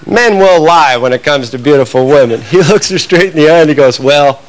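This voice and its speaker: A man telling stories as a stand-up comedian on a club stage, in a punchy, animated way. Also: a little high, brisk, low-quality recording. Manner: storytelling, punchy, animated delivery. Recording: live club recording with noise.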